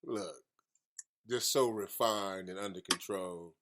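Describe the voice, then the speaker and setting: A man's voice: low-pitched, takes it slowly, noisy background. A man hosting a casual radio talk show, boisterous and joking, repeating his phrases as he introduces guests.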